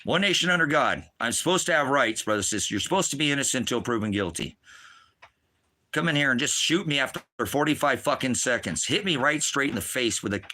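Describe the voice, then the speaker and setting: A middle-aged man preaching on a livestream, ranting in anger with constant swearing, swinging between shouting and low muttering. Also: lively intonation, quick pace. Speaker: ministry preacher. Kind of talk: angry livestream rant.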